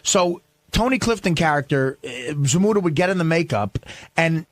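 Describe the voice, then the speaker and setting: A man's voice: on the high side, lively intonation, moderate pace, dry recording. A man telling a long, rambling, profane story on a radio show, full of restarts and fillers.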